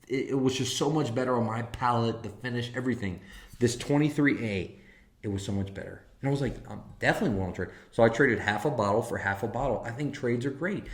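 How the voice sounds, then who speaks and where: A male host runs a casual whiskey livestream in a medium-pitched voice with reverb on it. He is enthusiastic and swears freely while talking to viewers in the chat.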